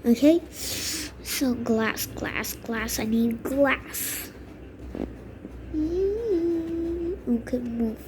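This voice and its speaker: Young woman, high voice, very slow drawl, exasperated gaming commentary, muttering, background noise. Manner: exasperated, muttering, dramatic outbursts. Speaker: gamer.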